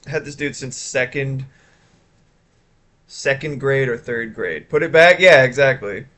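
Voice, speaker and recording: A man's voice: mid-range voice, a little slow, bright, forceful tone. A man streaming live, chatting casually and rambling with chat while showing his art. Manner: rambling, chatty, self-interrupting.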